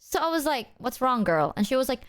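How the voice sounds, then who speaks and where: A woman streamer in casual chat, telling stories in an animated, slangy way. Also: high-pitched, a little fast, smooth.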